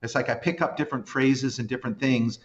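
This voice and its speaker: A man's voice: medium pitch, fast talker, muffled recording. A man in his fifties from Canada, a podcast guest chatting casually, rambling and poking fun at himself. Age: 50s. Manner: rambling, self-deprecating, animated storytelling. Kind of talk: casual chat.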